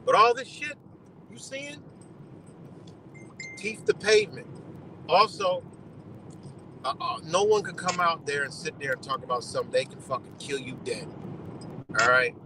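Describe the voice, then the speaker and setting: A man's voice: fairly high pitch, expressive, moderate pace, pauses often, background noise. A man on a live stream giving blunt, profane commentary, lecturing his audience in a loose, heated rant.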